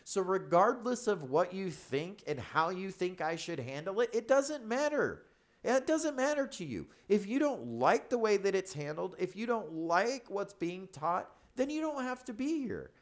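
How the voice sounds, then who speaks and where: A man's voice: high-pitched, sing-song, normal speed. A man co-hosting a faith podcast, talking bluntly and emphatically, often repeating himself. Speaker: pastor and podcast co-host.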